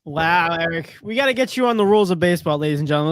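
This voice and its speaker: A man's voice: on the high side, expressive, racing, a bit bright, no room sound. A man co-hosting a casual sports podcast, playful and teasing. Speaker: podcast co-host.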